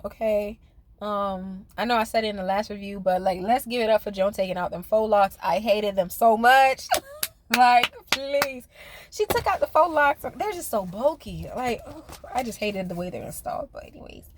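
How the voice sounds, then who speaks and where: A woman's voice: mid-range voice, darkish tone. A woman reviewing a reality TV episode in a casual, sassy, chatty way, speaking straight to her viewers. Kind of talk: casual recap commentary.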